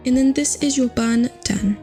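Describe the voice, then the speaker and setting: A young woman chatting casually through a hair tutorial, upbeat and full of fillers, her voice still rough from just waking up. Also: high-pitched, moderate pace, mellow, soft background music. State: morning voice, just woken.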